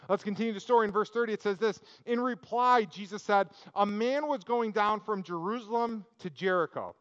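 A male pastor delivers a sermon in a relaxed, story-driven way, slipping in jokes and personal asides. His voice sits fairly high. The sound is a little muffled, with a long church-hall reverb trailing each phrase. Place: church sanctuary.

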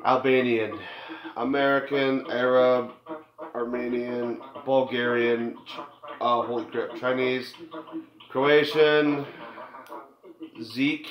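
A man's voice: medium pitch, fairly even intonation, takes it slowly, long pauses, a crowd in the background. A man giving crude, joking commentary while playing a game, talking back to the characters. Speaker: let's play gamer. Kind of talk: casual gameplay commentary. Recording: dull, echoey home recording with game music.

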